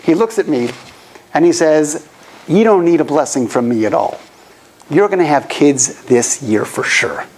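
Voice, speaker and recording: A rabbi teaching a class to a live group, telling a story with lively shifts and acting out the people in it. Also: male voice, fairly high pitch, a little slow, low-quality recording. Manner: animated storyteller, acts out quoted voices. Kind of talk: storytelling lecture. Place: classroom opposite the Western Wall.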